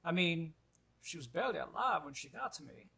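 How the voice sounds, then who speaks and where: A man's voice: fairly high pitch, big pitch swings, a little fast, vocal fry, sharp tone, husky, voice pushed up, heavily acted. A man putting on a courtly old miner. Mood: earnest. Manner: formal, old-fashioned politeness. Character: elderly balding bearded male miner, courtly and polite.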